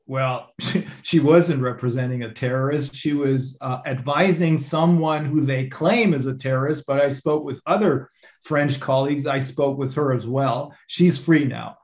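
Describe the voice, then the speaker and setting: A man's voice: mid-range voice, a little mellow. German-accented man with an echoey sound. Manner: halting, many fillers and restarts. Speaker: attorney, interview guest. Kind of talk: interview answers.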